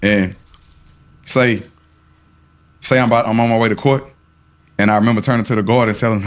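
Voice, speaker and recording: A man's voice: on the low side, fairly even intonation, fairly quick, long pauses. A man in a casual chat, boastful and playful, tossing in rhyming lines. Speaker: guest in a played clip.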